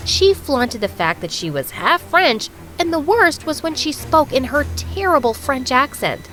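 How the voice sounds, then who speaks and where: A woman narrating an animated story as a bookish rich teenage girl, in a chatty, dramatic way. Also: high voice, measured pace, soft background music, exaggerated voice, low-quality recording.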